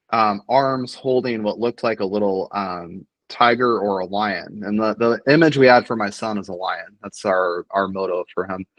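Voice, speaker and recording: A middle-aged man talking earnestly and reflectively as a podcast guest, with many pauses and restarts. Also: on the low side, a bit bright, no room sound, low-quality recording. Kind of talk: casual conversation.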